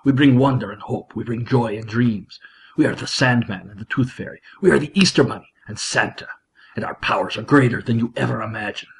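A man's voice: mid-range voice, brisk, gravelly, lightly acted. A man doing a Russian-accented Santa Claus. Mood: solemn. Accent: put-on Russian.

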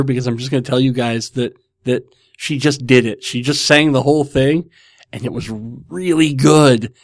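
A man's voice: medium pitch, a little mellow, dry recording, studio quality. A man hosting a casual podcast, rambling and laughing at himself as he chats from home. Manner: rambling, laughing, self-mocking. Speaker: podcast host.

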